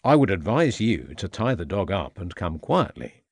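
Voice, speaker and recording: A man voicing a calm, compassionate Victorian police inspector who speaks with measured courtesy. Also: sits low, dry recording, heavily acted. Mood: firm.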